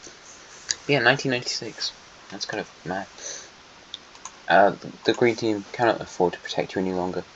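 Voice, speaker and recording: A young man narrates a strategy game in a loose, teasing way, talking straight to the countries on the map. His voice sits fairly low. The home recording sounds muffled and a little lo-fi, with faint background hiss. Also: moderate pace, pauses often, fairly bright tone. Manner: playful, chatty, teasing the nations on the map. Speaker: channel host. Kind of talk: casual gameplay commentary.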